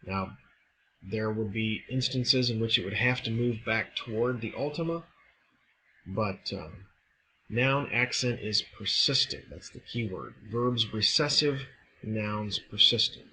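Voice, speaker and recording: A man teaching a recorded lesson, explaining step by step in a measured way. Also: on the low side, sharp tone, a little hiss or hum, low-quality recording. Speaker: Greek teacher. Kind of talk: recorded classroom lecture.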